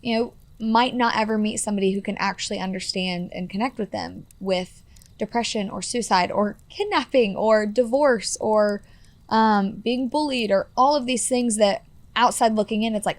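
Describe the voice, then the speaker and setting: Recounting her past in a podcast interview, a guest in her twenties rambles earnestly and leans on "like" and "you know". She speaks at normal speed in a middle-pitched voice that is dry and close, with no room sound around it.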